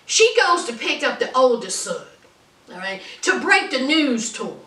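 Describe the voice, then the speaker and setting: A woman's voice: high voice, sing-song, moderate pace, bright, forceful tone, recorded from a distance. A woman reviewing a reality TV show in a casual vlog, ranting with emphasis and calling her viewers honey. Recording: roomy sound from off the mic.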